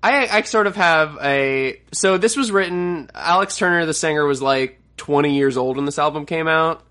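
Bright, joking male podcast co-host. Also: fairly high pitch, normal speed. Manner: loose and joking, swears casually. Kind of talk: casual chat about song lyrics.

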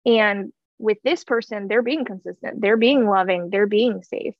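A woman's voice: mid-range voice, moderate pace, dry recording, highs cut off. A woman in her thirties telling a heartfelt personal story in an earnest way, with many fillers and restarts. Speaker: guest sharing her story.

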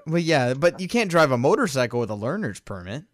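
A man's voice: medium pitch, big pitch swings, a little fast, no echo, studio quality. A man co-hosting a podcast, chatting casually and laughing while commenting on a movie, often trailing off with fillers. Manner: laid-back, chuckling, trailing off with fillers. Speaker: podcast co-host.

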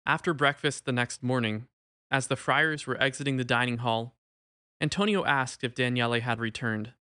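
A man narrating a religious story in a measured, gentle storytelling manner. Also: mid-range voice, dry recording, studio quality.

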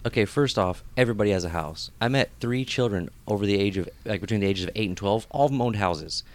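A young adult man co-hosting a podcast, telling stories in animated, joking bursts with laughs. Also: lowish voice, fast, a little hiss or hum. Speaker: podcast co-host. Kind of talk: casual chat.

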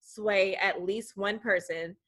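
A woman's voice: mid-range voice, steady tone, measured pace, a bit bright. Outspoken young woman, emphatic. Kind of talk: casual conversation.

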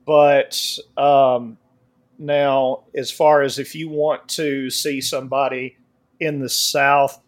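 A man talking in casual conversation, halting and trailing off as he thinks. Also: medium pitch, little pitch movement. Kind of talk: casual chat.

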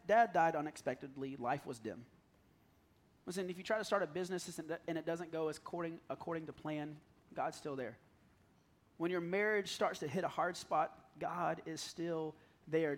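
A man in his thirties preaching to his congregation, candid and raw, dropping to a hush and then rising to loud pleading. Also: sits high. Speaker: pastor. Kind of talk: sermon. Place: church hall.

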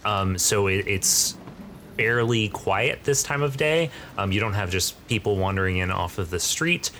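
Game master narrator, rambling and casual, with faint background hiss. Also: male voice, on the low side, lively intonation, measured pace, sharp tone. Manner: rambling, many fillers.

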